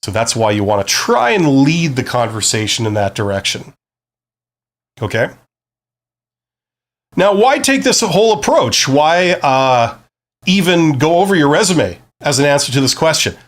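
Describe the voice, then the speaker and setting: A man talks through career advice on a live stream, explaining step by step. His pitch moves a lot, and he keeps checking in with his listeners. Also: big pitch swings, measured pace, pauses often. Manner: conversational, explanatory, frequent "right?" check-ins.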